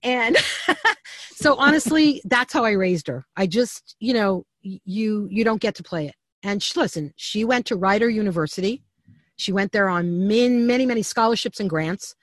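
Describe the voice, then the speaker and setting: A middle-aged woman recounting family stories as a podcast guest, her voice sitting at a middle pitch. She talks in an animated, candid way, with restarts and asides. The sound is close and dry. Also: moderate pace, no room sound. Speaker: interview guest. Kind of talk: storytelling in a podcast interview.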